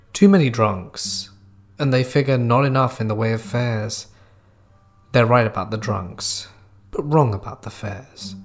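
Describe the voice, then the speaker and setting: A man reading a horror story aloud in a measured, somber way. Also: mid-range voice. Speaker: horror narrator. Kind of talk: scripted horror narration.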